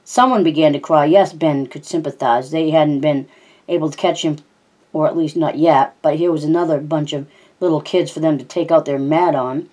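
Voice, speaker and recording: A woman reading a novel aloud in a steady, plain narrating manner, with small slips now and then. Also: low-pitched, moderate pace. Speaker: audiobook reader.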